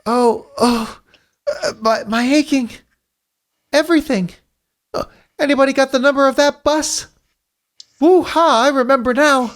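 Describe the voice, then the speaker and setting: A man's voice: very high voice, measured pace, long pauses, fairly bright tone, pitched above the performer's own voice. A man voicing a young male fox boy who has just woken up groggy and bewildered after a knock on the head. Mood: dazed.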